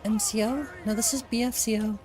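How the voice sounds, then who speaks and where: A woman casually commenting on her gameplay as a streamer, chatty and relaxed, thinking aloud as she plays. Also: a little high, fairly quick. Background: soft lofi music.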